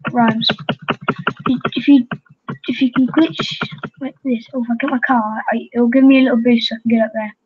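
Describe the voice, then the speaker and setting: A woman hosting a gaming channel, chattering excitedly to her fellow players as she plays. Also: a little high, moderate pace, heavy background noise. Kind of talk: casual gameplay commentary. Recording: dull lo-fi home recording.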